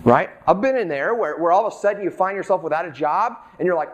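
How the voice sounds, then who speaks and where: Middle-aged man, high voice, chatty pastor delivering a sermon. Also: fast talker, muffled recording. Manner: conversational, acts out the characters' lines.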